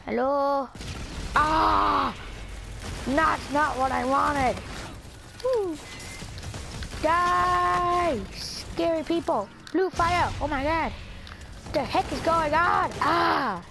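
A woman's voice: high-pitched, very slow, gravelly, long pauses. Squealy playful young woman gaming. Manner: playful, squealing, silly sing-song asides. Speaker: gamer. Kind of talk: casual gameplay commentary. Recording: noisy game audio behind.

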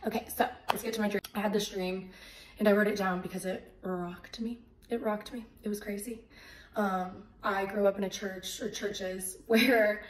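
A woman giving a casual faith testimony, animated and acting out the voices in her story. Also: medium pitch, moderate pace. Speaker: faith vlogger. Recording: echoey room.

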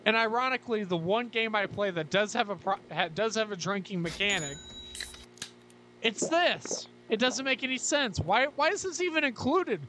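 A man playing a horror game and commenting on it, frustrated and swearing as he rants, his voice getting hoarse. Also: high voice, normal speed, sharp tone, slight background noise. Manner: frustrated, swears a lot, ranting. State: losing his voice. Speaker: gaming YouTuber. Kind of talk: let's play commentary.

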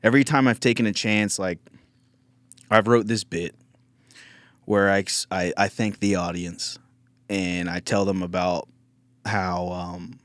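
Lower-voiced man, candid podcast host. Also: fairly even intonation, measured pace, long pauses, a bit bright, dry recording. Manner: candid, rambling, profane storytelling. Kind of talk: casual podcast chat.

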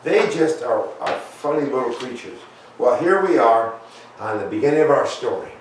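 A man giving a children's talk in church, folksy and halting, reading a storybook. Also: mid-range voice, animated, slight background noise. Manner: folksy, halting, many fillers. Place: church sanctuary. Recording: echoey church from far off.

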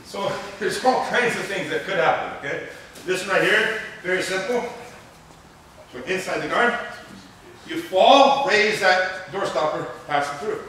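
A man teaching grappling moves on the mats, explaining and telling animated stories with loud excited bursts. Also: sits high, unhurried, a little hiss or hum. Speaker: grappling instructor. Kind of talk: mat instruction with demonstration. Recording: echoey gym recorded from a distance.

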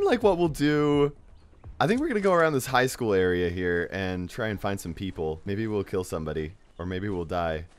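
A young man with a cold giving excitable let's-play commentary, yelping and laughing at the scares. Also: sits low. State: has a cold. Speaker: gaming YouTuber.

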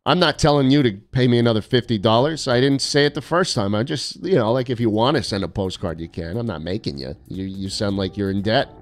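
A man's voice: mid-range voice, a little fast, few pauses. A young man streaming casually, reading viewer postcards aloud with sarcastic, mock-arrogant jokes.

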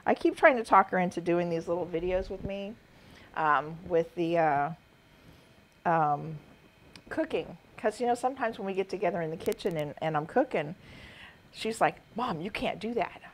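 A woman's voice: fairly low pitch, animated, normal speed. Chatty woman hosting a quilting stream. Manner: chatty, laughs often, drifts off topic. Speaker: quilting show host. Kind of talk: casual livestream chat.

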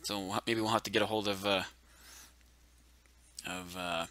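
A man's voice: on the low side, flat delivery, moderate pace, bright, forceful tone. A man hosting a let's-play, thinking aloud as he plays and easily amused by what he finds. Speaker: gaming channel host. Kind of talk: let's-play game commentary. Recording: game music playing clearly behind. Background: game soundtrack music.

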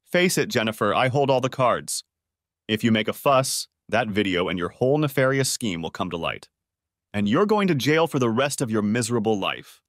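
A man's voice: fairly low pitch, lively intonation, moderate pace, no room sound, clean studio sound, lightly acted. Man voicing a cold wronged husband. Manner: cold and firm.

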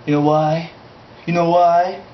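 This amateur comedy sketch, shot as a roomy, dull lo-fi home video, has a man as a comic character host riffing loosely in a vaguely foreign put-on accent. He speaks slowly at a fairly high pitch with little pitch movement, over a faint hiss or hum.

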